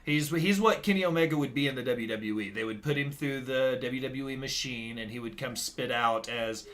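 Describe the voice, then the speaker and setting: A man's voice: medium pitch, moderate pace, a bit bright. A man co-hosting a casual chat, confident and opinionated, quoting figures. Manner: confident, opinionated, stat-citing. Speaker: podcast co-host.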